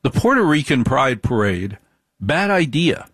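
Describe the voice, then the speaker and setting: A man holds forth in an emphatic storytelling monologue, hammering points home with repetition and rhetorical questions. His voice sits at an ordinary middle pitch. The recording is dry and close, with no room sound. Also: very animated, a little slow, a bit bright, slightly rough, no room sound. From United States. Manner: emphatic, repeats phrases for effect, rhetorical questions. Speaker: speaker telling personal stories.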